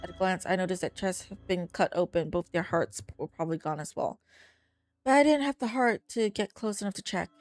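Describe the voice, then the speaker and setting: A woman's voice: on the low side, brisk, a little mellow, faint music behind. A woman playing a story game, reading the narration aloud and breaking off to curse and scold herself. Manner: exclaims at jump scares.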